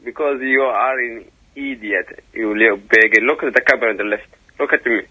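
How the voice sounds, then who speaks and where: A man's voice: mid-range voice, a little fast, husky, close to an everyday voice. A man on a phone line putting on a funny voice with a mock Pakistani English accent, playing a blustering, threatening caller. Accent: put-on Pakistani English. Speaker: prank caller.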